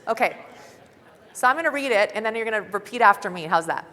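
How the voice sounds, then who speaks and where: A woman's voice: mid-range voice, lively intonation, fast, bright, forceful tone. A woman giving a fervent, casual motivational talk to a conference audience on stage. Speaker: conference speaker. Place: large conference hall. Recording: hall reverb from live event.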